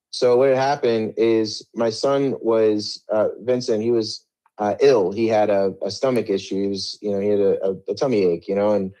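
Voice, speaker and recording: A man's voice: fairly low pitch, warm tone. A middle-aged man telling his story in an interview, rambling with many restarts and a defensive edge.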